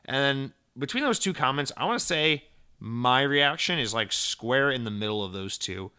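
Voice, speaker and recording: Bright-voiced man, profane rambling podcast host. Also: mid-range voice, normal speed, clear, resonant tone. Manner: profane, rambling, venting with animated mock dialogue. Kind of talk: casual gaming podcast chat.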